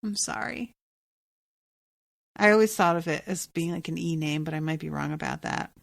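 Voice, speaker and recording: A woman's voice: deep voice, normal speed, creaky, dry recording. A woman co-hosting a podcast, recapping a TV episode in casual chat, blunt and exasperated, swearing freely. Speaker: podcast co-host.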